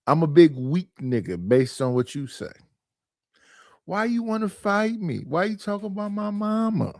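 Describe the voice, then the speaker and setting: Guy ranting on his stream at home, aave, kinda high voice, dry mic, exasperated and cussing. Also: creaky, dry recording. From Oakland, California. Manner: exasperated, rhetorical, profane. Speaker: livestream host. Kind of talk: casual livestream rant. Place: his living room.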